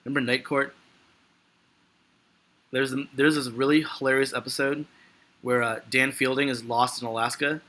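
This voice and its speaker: A man's voice: mid-range voice, little pitch movement, normal speed, long pauses, sharp tone. A man giving live stock market commentary in a rambling, frustrated, joking way.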